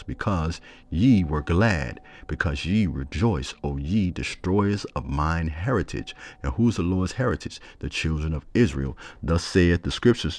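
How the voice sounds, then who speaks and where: A man teaching from scripture, reading verses slowly and breaking in with his own commentary and questions. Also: a bass voice. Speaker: bible teacher.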